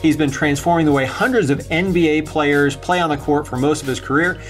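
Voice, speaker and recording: A man's voice: a little high, brisk, soft background music. A man hosting a podcast, introducing his guest and asking curious questions. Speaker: podcast host.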